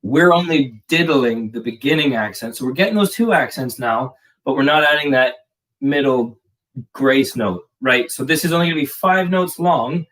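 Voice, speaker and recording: A male drum teacher gives a casual live lesson, explaining patterns chattily with plenty of fillers. His mid-range voice is a bit bright with lively intonation and normal speed, picked up by a distant mic with clear background noise.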